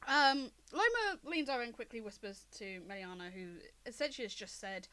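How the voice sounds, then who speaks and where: A woman's voice: on the high side, sing-song, moderate pace, hardly any pauses, sharp tone, clean tone, low-quality recording. A young adult woman, the game master, narrating a tabletop game on a livestream with rambling ums. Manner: rambling, with frequent ums and laughs.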